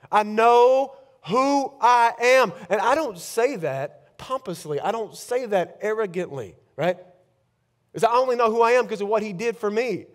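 Pastor, male, high-pitched, preaching in a church, fervent then hushed. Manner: emphatic preaching, rapid-fire declarations with rising intensity. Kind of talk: sermon.

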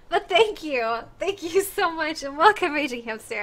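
Tearful high-voiced woman streamer. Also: lively intonation, normal speed, hardly any pauses, fairly bright tone. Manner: gushing, effusive thanks. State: tearful, crying. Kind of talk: live stream chat.

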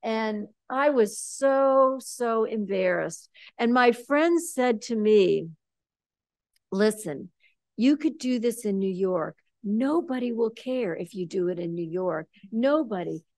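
An older woman giving a lecture as a visiting artist, telling a story with animated, ironic emphasis. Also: on the high side, takes it slowly, no echo. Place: lecture hall.

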